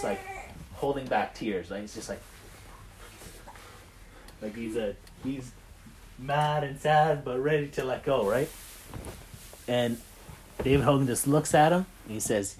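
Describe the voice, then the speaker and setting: A man in a casual faith chat tells his stories with animation, and his talk is loose and full of fillers. His voice sits in a middle pitch, and a faint hiss runs under it. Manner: animated storyteller, heavy on fillers like "like" and "right?".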